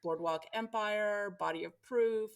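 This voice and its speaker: Chatty woman, mid-pitched. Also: unhurried, clear, resonant tone. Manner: chatty, listing, light laughs. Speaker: podcast co-host. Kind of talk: casual chat.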